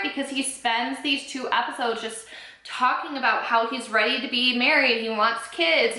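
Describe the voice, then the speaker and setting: A woman's voice: a little high, pushed and bright. A woman in her twenties chatting casually to camera, opinionated and full of fillers. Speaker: beauty vlogger recapping a reality show. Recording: echoey room.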